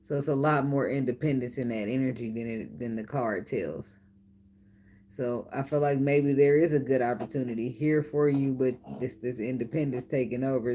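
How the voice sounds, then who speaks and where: A middle-aged woman with a notably low voice talks through a tarot reading in a loose, joking way. She swears freely, laughs often and teases her listeners. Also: mellow, a little hiss or hum. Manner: profane, laughing, playful banter. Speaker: tarot reader.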